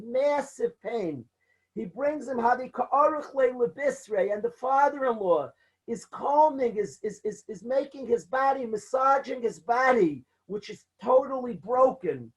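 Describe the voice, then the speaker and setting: A man's voice: very high voice, rough recording. A man who is a rabbi, telling a story with animation in a sermon to students. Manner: animated storytelling, rising to emotional peaks.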